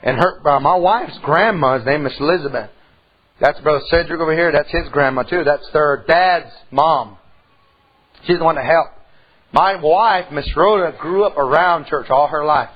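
A middle-aged man preaching a sermon in church, telling a folksy story and swinging from soft to loud. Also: fairly high pitch, normal speed, husky, dull audio. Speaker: pastor.

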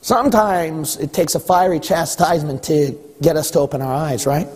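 A male pastor preaching a sermon in a church, emphatic and repetitive, rising at times to a shout. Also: fairly high pitch, normal speed, breathy edge. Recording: long hall reverb.

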